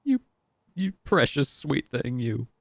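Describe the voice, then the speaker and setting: A man reading a game's fond older woman friend aloud in a high put-on voice, affectionate and playful. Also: very animated, slow pace, gravelly, no echo, full character voice.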